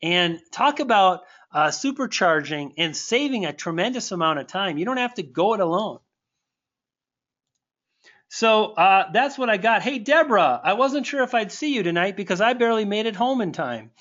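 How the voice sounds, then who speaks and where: A man coaching online marketing, hosting a live webinar and warmly answering viewers, thankful and stumbling over restarts. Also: sits high, expressive, normal speed, highs cut off.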